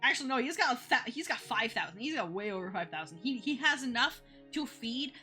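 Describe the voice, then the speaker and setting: A woman's voice: on the high side, animated, sharp tone, faint music behind. A woman streamer chatting casually while she draws, rambling and giggling between thoughts. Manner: retells others' lines in quick playful voices. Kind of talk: casual chat while drawing on a live stream.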